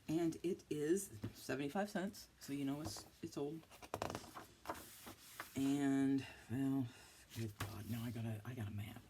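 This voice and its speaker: A woman in her fifties talks through her craft finds in a low, rambling voice, poking fun at herself as she goes. A faint hum sits under the recording. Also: darkish tone. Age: 50s. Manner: chatty, self-mocking, giggly asides. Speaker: craft vlogger. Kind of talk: casual haul chat.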